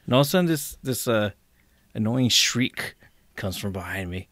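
A man's voice: fairly low pitch, lively intonation, moderate pace, fairly bright tone. A man co-hosting a podcast, telling a story casually, rambling with restarts and swearing freely. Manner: rambling with many restarts, profane. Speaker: podcast co-host.

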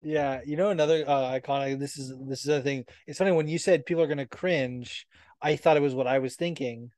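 A man co-hosting a podcast, chatting casually and swearing often as he tells animated stories. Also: a little high, brisk, no echo. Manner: swears often, animated storytelling with quoted asides. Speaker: podcast co-host. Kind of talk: casual chat.

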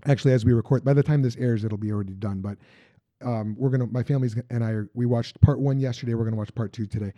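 A man hosting a podcast, chatting casually and haltingly, often restarting sentences. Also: medium pitch, fairly even intonation, dark tone, no echo. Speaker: podcast host. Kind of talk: casual interview chat. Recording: dull lo-fi sound.

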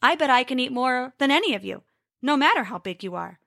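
A woman voicing a cunning male trickster god with smooth, flattering speech in a storybook. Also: sits high, a little fast, no room sound, clean studio sound, exaggerated voice. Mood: boastful.

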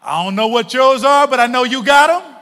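A man preaching with a high, bright voice that rings out through a large church. He drops to near-whispers, then climbs to shouted peaks, and teases the congregation with playful asides. The long reverb of the hall trails behind every phrase. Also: animated, fairly quick. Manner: swings from hushed, intimate talk to loud shouted preaching. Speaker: pastor. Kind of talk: sermon.

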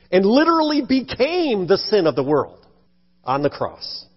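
A man preaching from the pulpit, his voice sitting fairly high. He moves between emphatic crests and quiet, hushed passages. The sound is muffled and lo-fi, with a long church reverb trailing each phrase. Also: big pitch swings, normal speed. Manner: dramatic swings between emphatic and hushed delivery. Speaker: pastor. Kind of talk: sermon. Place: church sanctuary.

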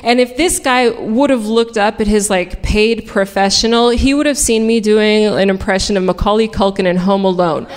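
A woman telling a frank, comic personal story live on stage, swearing freely and narrating with dry humor. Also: a little high. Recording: reverberant hall.

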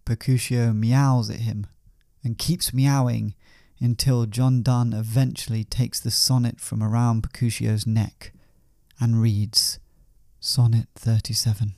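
A man narrates a comic tale in a flat, matter-of-fact tone. His pitch is mid-range. The recording is dry and close, with no room echo. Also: slow. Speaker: storyteller.

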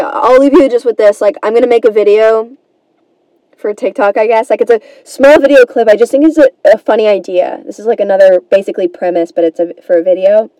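A woman's voice: a little high, mellow, no echo, poor audio. A woman hosting a comedy podcast, telling a rambling, self-deprecating story in a casual monologue and swearing freely.

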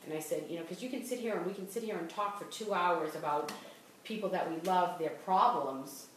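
Fairly low-pitched and fairly quick, this middle-aged host speaks with a Boston accent, being from that area, over a little hiss or hum. She's recorded far from the mic in an echoey room, chatting casually on her podcast, frequently restarting sentences and laughing along the way.

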